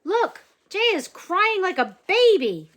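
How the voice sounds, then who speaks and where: A woman's voice: very high voice, very animated, slow pace, fairly bright tone, voice pushed up, exaggerated voice. A woman voicing a teasing young boy, giggly and sometimes mock-formal.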